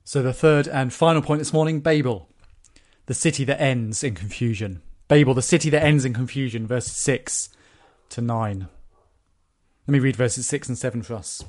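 A man's voice: mid-range voice, moderate pace, a little mellow. A man preaching a sermon, explaining scripture with rhetorical questions.

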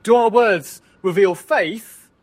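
A man delivering a sermon in a voice that sits high for a man. He walks his listeners through the text verse by verse, often ending points with rhetorical questions. He speaks as a preacher addressing his congregation. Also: slow pace.

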